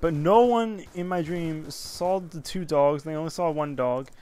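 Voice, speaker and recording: A young man casually telling a long story over gameplay as a commentator, animated and rambling, with constant "I'm like" asides. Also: fairly high pitch, a little slow.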